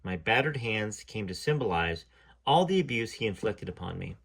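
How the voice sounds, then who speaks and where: A man's voice: on the low side, expressive, normal speed, creaky, a bit bright, slightly rough. A man reading a first-person memoir aloud, with casual wry asides. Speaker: reader of a memoir.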